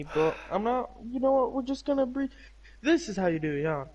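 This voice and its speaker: A man's voice: very high-pitched, animated, brisk, a little mellow, highs cut off. A man co-hosting a podcast in a casual chat, rambling and joking, often trailing off mid-thought. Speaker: podcast co-host.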